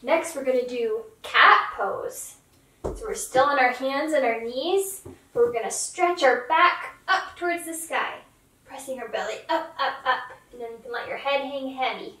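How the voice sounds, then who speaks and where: A young woman teaching a yoga class for children, giving gentle, encouraging cues and playful animal sounds. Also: high voice, moderate pace, slight background noise. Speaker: yoga instructor. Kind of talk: kids yoga class instruction. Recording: echoey room, mic at a distance.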